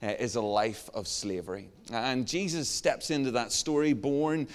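An Irish man preaching a sermon, telling a self-mocking story in a lively way. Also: mid-range voice, moderate pace. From Ireland. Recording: long hall reverb.

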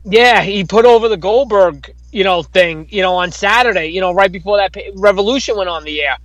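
A man with a high-sitting, fairly bright voice speaks briskly as co-host of a casual wrestling podcast. He argues his point emphatically and swears often; the recording is dry and low in quality.

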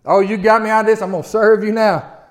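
A man's voice: high-pitched, brisk, close to an everyday voice. A man voicing a crew of blunt pagan sailors who speak in a plain, folksy way. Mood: grateful. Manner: exasperated, plain-spoken, folksy. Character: rough-edged pagan sailors, grown men, blunt.

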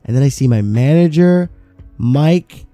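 Brief: man, podcast co-host, mellow dark tone, dry close sound, loose rambling swear-heavy storytelling. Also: fairly high pitch, measured pace, no room sound, faint music behind. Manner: profane, rambling, animated storyteller. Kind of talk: casual storytelling chat.

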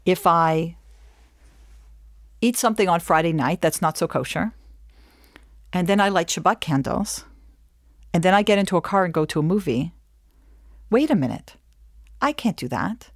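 Animated woman teaching, dry close sound. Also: on the low side, moderate pace, pauses often, dry recording. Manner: animated storyteller acting out scenes. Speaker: Jewish educator and lecturer. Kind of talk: lively teaching talk.

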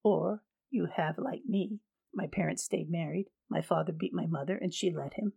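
A man's voice: fairly high pitch, normal speed, creaky, dark tone, husky. A woman voicing a troubled young man who speaks frankly and resentfully about his family in a storybook reading. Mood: bitter.

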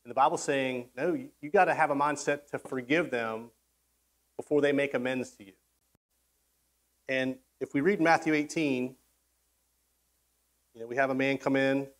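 A man's voice: mid-range voice, fairly even intonation, moderate pace, long pauses. A man preaching a sermon in a casual, conversational way, acting out quoted voices and often restarting his sentences. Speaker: pastor.

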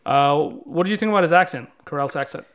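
A man's voice: on the high side, fast talker, fairly bright tone. Upbeat man hosting a podcast. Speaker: podcast host. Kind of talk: casual podcast chat.

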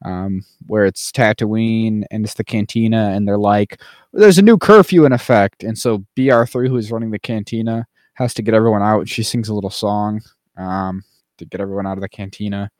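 A man's voice: lowish voice, flat delivery, fairly quick, a little mellow, no room sound. Rambling man in a dry booth. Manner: rambling, with many fillers and playful mock voices. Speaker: podcast co-host. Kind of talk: casual chat.

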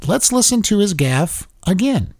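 A man's voice: high voice, measured pace, no echo. Dry-voiced talk show host, a man. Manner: animated, repeats words and restarts. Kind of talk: political commentary.

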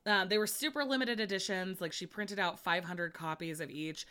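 A woman's voice: fairly low pitch, normal speed, bright, forceful tone, clean tone. A young woman co-hosting a podcast, chatting casually and peppering her talk with "like". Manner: chatty, heavy use of "like". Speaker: podcast co-host. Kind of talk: casual chat.

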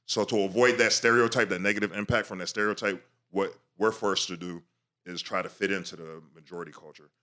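A man with a bright, forceful, fairly low voice explains ideas in a casual panel discussion. He works through his thoughts aloud, pausing on fillers and restarting sentences. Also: steady tone. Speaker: podcast co-host.

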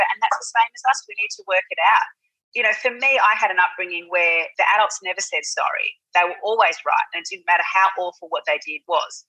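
Husky-voiced earnest mother. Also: lowish voice, fairly even intonation, quick pace, pushed and bright, no echo, poor audio. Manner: earnest, reassuring, many fillers. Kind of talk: casual chat.

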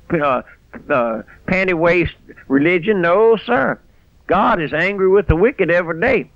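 A man's voice: high-pitched, no echo. Fiery older man preaching on the radio. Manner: fiery, rising to shouts on key phrases. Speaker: pastor. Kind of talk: radio sermon. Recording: dry, dull radio broadcast sound.

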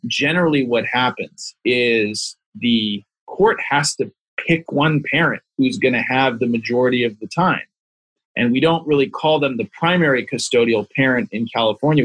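A man's voice: mid-range voice, a bit bright, breathy edge, no echo, rough recording. A man who is a family law attorney, explaining things methodically as a podcast guest.

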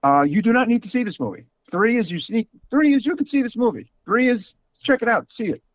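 A man's voice: very high-pitched, sing-song, a little fast, no echo, lo-fi sound. A man with a New York accent, co-hosting a podcast in a frank, casual chat full of fillers. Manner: chatty, frank, with many fillers. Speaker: podcast co-host.

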